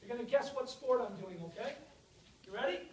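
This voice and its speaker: A man giving an energetic, out-of-breath motivational lecture to students, speaking straight to the audience. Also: very high-pitched, fairly quick. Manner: energetic, addresses audience directly. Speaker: guest lecturer. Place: university lecture hall. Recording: echoey hall from far off, faint noise.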